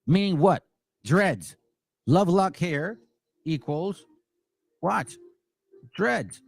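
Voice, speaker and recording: A man's voice: sits high, lively intonation, extremely slow, vocal fry, long pauses. A man hosting a commentary channel, delivering a heated, profane, mocking monologue full of repetition. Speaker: religious commentary channel host.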